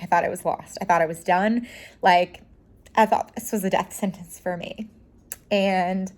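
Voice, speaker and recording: A young woman speaking as a lifestyle vlogger, telling a raw personal story with many "like" fillers and acting out the dialogue she remembers. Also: mid-range voice. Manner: acts out quoted dialogue in her own voice.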